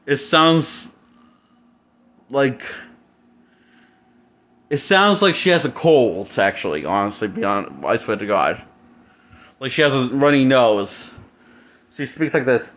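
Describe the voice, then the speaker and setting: A man's voice: mid-range voice, sing-song, slow pace, long pauses, fairly bright tone. Crude, mocking man ranting. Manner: crude, mocking, laughs at his own jokes. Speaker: movie reviewer. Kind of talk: casual ranting review.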